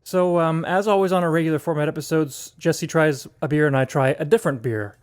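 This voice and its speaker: A man co-hosting a casual podcast, chatty and quick to laugh at his own jokes. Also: a little high, clean tone. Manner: chatty, laughs often, self-deprecating jokes. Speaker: podcast co-host. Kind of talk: casual chat.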